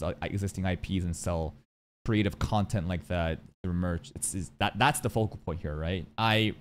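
Animated, blunt man ranting. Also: lowish voice. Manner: blunt, animated, swears freely. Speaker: reaction streamer. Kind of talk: casual profane commentary.

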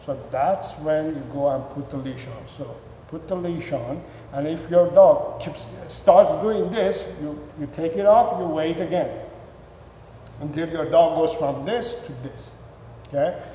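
A man's voice: on the high side, a little slow, slight background noise. Dog trainer, man, echoey room. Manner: repeats words, restarts sentences, acts out excited owner voices. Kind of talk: instructional talk to viewers. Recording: echoey room with long reverb.

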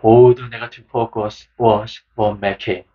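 A man reading a book summary aloud as scripted narration, slow and measured. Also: fairly low pitch, flat delivery, husky. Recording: dull, lo-fi sound.

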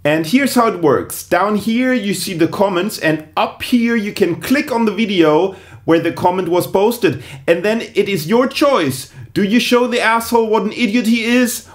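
Sarcastic man, high voice. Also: moderate pace. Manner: dry, sarcastic delivery. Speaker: comedian. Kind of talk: comedic vlog to camera.

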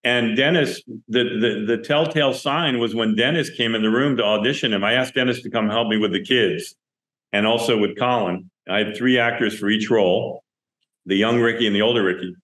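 This film director has a lowish voice and talks a little fast while telling set stories in an interview. He brings them to life by acting out the dialogue, recorded with a roomy echo.

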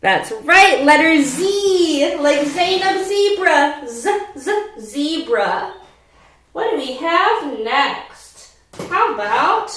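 A woman teaching a preschool phonics lesson from home, speaking slowly and repeating letter sounds for young children. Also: high-pitched, lively intonation, a bit bright, reverberant. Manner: slow, sing-song, repeats sounds for children. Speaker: pre-K teacher.

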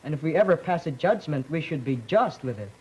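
A young man from the Philippines speaking earnestly and haltingly as a student panelist. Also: fairly high pitch, expressive, a little mellow, breathy edge, low-quality recording. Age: late teens.

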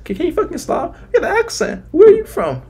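A man from New Jersey, a streamer, talking in a put-on high falsetto that slips deeper now and then, brash and swearing. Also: wildly swooping pitch, fast talker, a little mellow. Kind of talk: prank chat with a stranger.

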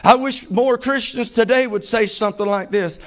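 A man's voice: extremely high pitch, normal speed. A man preaching a fervent sermon, building emphasis through repetition. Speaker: pastor.

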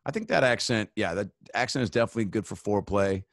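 A man appears as a comedian guest on a podcast, delivering rambling, swear-filled riffs with lots of fillers in casual chat. His fairly low voice moves fast, and the studio-quality audio has no echo.

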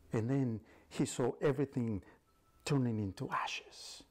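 A man's voice: medium pitch, normal speed. Whispery dramatic male storyteller. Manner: hushed, dramatic, often whispering.

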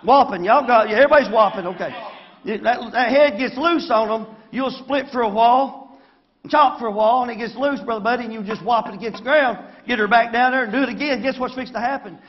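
A man's voice: very high voice, a little fast, highs cut off. A man with a Southern accent preaching a folksy sermon in church, often asking the congregation for an amen. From Arkansas. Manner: folksy, calls for amens. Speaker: pastor. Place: church sanctuary.

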